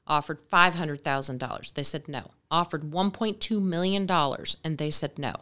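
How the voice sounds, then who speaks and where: Brisk, lower-pitched woman telling a story. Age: 40s. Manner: brisk, animated, acts out dialogue. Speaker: guest. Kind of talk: casual storytelling.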